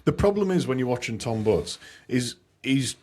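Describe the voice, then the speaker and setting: A man's voice: medium pitch, sing-song, moderate pace, darkish tone. A man co-hosting a casual podcast chat, laid-back and rambling, swearing freely with lots of fillers. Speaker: podcast co-host and commentator.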